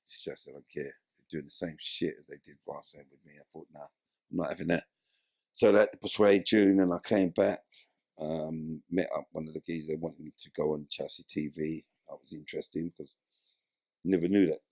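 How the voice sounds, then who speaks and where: Man, gravelly husky voice, lively storytelling, dry close sound. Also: extremely low pitch, normal speed, no room sound. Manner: animated, acts out voices in his stories. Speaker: interview guest, former footballer. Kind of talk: casual storytelling interview.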